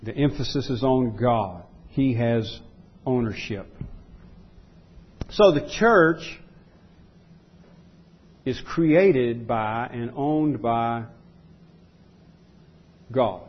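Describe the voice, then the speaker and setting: A man's voice: mid-range voice, animated, extremely slow, pauses often, slightly rough, muffled recording. A man preaching a sermon as pastor, emphatic and repeating key phrases for stress.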